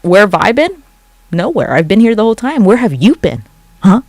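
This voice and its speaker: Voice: mid-range voice, big pitch swings, moderate pace, a little mellow, dry recording. A livestreamer chatting casually late at night from home into a phone, rambling, swearing freely and answering comments from chat.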